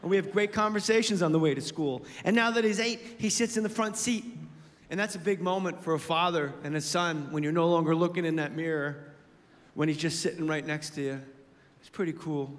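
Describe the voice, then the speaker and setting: A man in his forties doing stand-up comedy on a club stage into a handheld mic, telling animated stories that build to shouted punchlines. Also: a little high. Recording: reverberant venue with steady background hiss.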